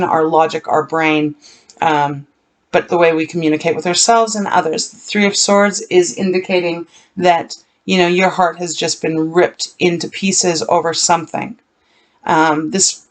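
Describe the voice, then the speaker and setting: A tarot reader giving a solo card reading to viewers. The talk is earnest and emotional, leans slowly on painful words, and often repeats or corrects itself mid-sentence. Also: medium pitch.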